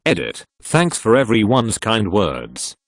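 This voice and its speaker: A man narrating online posts aloud, reading the text literally and even spelling out links and web slang. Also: lowish voice, takes it slowly, no room sound.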